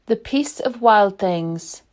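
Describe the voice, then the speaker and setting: A woman reads a poem aloud, unhurried and reflective. Her delivery is calm and measured, with long, careful phrasing. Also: mid-range voice, background noise. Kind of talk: slow poetry reading.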